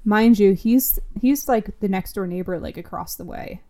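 A woman's voice: mid-range voice, normal speed, dark tone. A woman chatting casually as a podcast co-host, telling a story with lots of laughter and swearing. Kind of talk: casual chat.

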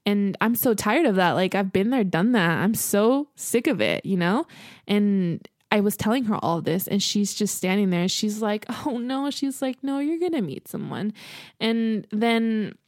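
A young woman in her twenties recounting a dating story in a relaxed, chatty way, peppered with "like" and "you know." Her voice sits in an ordinary middle range and is recorded close and dry. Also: medium pitch, unhurried, no echo. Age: 20s. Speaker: podcast co-host. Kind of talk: casual storytelling.

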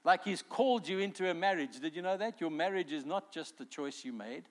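A male pastor delivering a sermon, animated and emphatic, acting out quotes with rising force. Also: a little high, a little fast. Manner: animated preaching, voices quotes with swelling emphasis.

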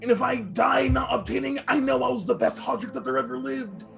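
A man's voice: extremely high pitch, fairly quick, vocal fry, fairly bright tone, faint music behind. A young man playing his character in a tabletop game, brash and boastful. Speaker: player.

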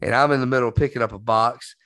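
A man's voice: medium pitch, steady tone, fast talker, fairly bright tone, dry recording. A man hosting a podcast, telling a rambling story in casual chat. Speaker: podcast host.

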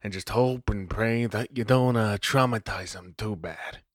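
A man's voice: lowish voice, a little slow, no room sound, clean studio sound. A man doing a sneering punk vampire. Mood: menacing. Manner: slangy, drawling tough talk. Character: scrawny androgynous punk vampire, scheming and menacing.

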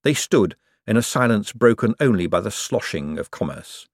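A man narrating an audiobook in an expressive, wry storytelling manner. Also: lowish voice, normal speed, dry recording, studio quality. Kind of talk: scripted narration.

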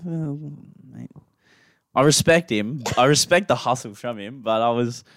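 A man's voice: medium pitch, a little slow, no room sound, studio quality. Blunt Australian man on a podcast. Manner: blunt, swears freely, mimics people in anecdotes. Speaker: podcast co-host. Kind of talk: casual podcast banter and storytelling.

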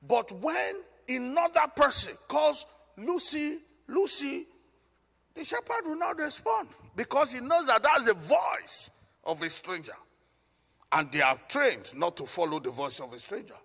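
A man's voice: very high voice, big pitch swings, measured pace, creaky, a bit bright, breathy edge, in a large hall. A male pastor preaching a sermon, emphatic and given to repeating phrases.

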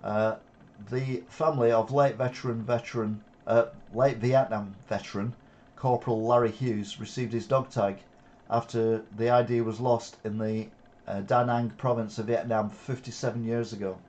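A man's voice: mid-range voice, fairly even intonation, normal speed, a little mellow, highs cut off. A man with a Wigan accent hosting an alternative news show, reading headlines and adding sarcastic asides with frequent fillers. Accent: Wigan, Lancashire. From Wigan, England. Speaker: news commentary host. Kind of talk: reading headlines with off-the-cuff commentary.

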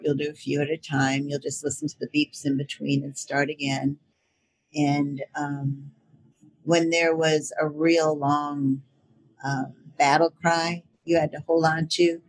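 Chatty older woman guest, husky voice, easy laughs, lots of ums. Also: sits low. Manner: chatty, laughs often, many fillers. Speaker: voice actor guest. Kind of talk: casual interview chat.

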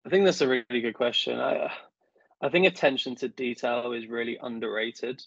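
A man's voice: medium pitch, fairly even intonation, normal speed, gravelly, fairly bright tone, slightly rough, dry recording. A young man in a casual interview, telling stories in a chatty, self-deprecating way with lots of fillers. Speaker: podcast guest, government affairs professional. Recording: dull dry lo-fi sound.

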